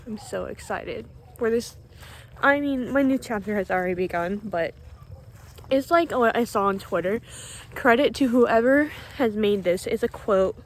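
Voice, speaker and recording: A woman's voice: a little high, normal speed. A young woman chatting casually and a little emotionally in a vlog, walking outdoors by a pond, a bit out of breath from the cold. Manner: soft-spoken, emotional, laughs often. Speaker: vlogger.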